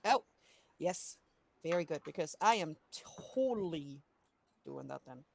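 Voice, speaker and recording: A woman's voice: low-pitched, animated, unhurried, vocal fry. A woman playing a tabletop game over a video call, chatty and explaining her moves. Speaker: player.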